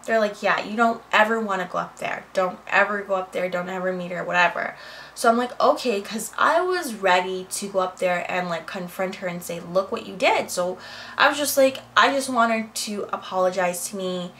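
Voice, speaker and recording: A woman's voice: medium pitch, moderate pace, a little hiss or hum, low-quality recording. Chatty woman telling a home story. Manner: animated, chatty retelling with quoted dialogue. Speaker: vlogger. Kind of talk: casual storytime vlog. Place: home office.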